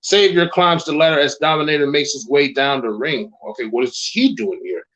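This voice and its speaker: A man's voice: on the high side, brisk, gravelly, a bit bright, poor audio. A man co-hosting an online show, reading a scripted wrestling storyline aloud, sometimes tripping over words and adding his own reactions. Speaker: co-host.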